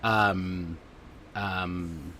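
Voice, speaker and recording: A man's voice: deep voice, steady tone, extremely slow, sharp tone. A man hosting a casual livestream chat, rambling along with lots of fillers. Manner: rambling and chatty, many fillers. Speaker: podcast host.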